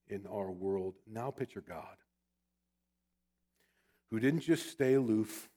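A man preaching a sermon. He opens with a personal story told with frequent restarts, then builds to fervent, slowly stressed preaching. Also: on the low side, a little mellow. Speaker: pastor. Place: church.

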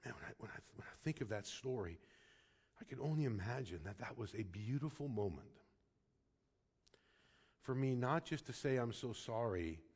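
A man preaching from the pulpit tells a heartfelt story in a mid-range voice. He climbs to loud, stressed passages and drops to near-whispered ones. When moved, he stumbles and repeats words. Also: mid-range voice, expressive, moderate pace, long pauses, husky. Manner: storytelling, swings from loud emphatic passages to soft hushed ones. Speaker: pastor. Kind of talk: sermon.

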